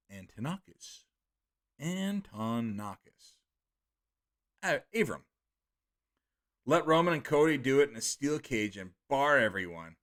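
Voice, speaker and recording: A man's voice: mid-range voice, fairly bright tone. A man in his thirties streaming live, reading out viewer names and comments with retakes and stumbles over names.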